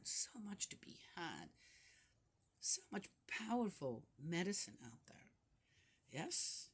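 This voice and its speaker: An older grandmother talks through scripture in a loose, conversational way, often checking in with rhetorical asides. Her voice sits fairly low but swings widely in pitch, giving her talk a lively, animated lilt. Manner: chatty, with frequent rhetorical "Yes?" and "Right?" asides; laughs often while talking. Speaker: Bible study host. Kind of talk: casual Bible commentary.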